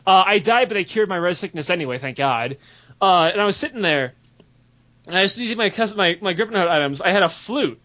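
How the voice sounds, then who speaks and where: Young man, higher voice, animated profane storyteller doing quick character voices; muffled lo-fi podcast audio. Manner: animated, profane, laughing while telling, acts out quoted voices. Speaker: podcast co-host telling stories. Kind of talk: casual storytelling chat.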